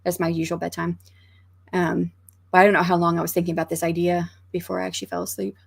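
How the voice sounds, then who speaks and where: A woman with a slightly low voice and an American accent hosts a relaxed livestream from her home. She talks in a rambling, thinking-out-loud way, full of fillers, and reads her viewers' comments as she goes. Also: quick pace, gravelly, breathy edge. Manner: chatty, rambling, thinks aloud, many fillers. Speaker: author livestream host. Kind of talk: casual livestream chat, reading comments aloud. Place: home room.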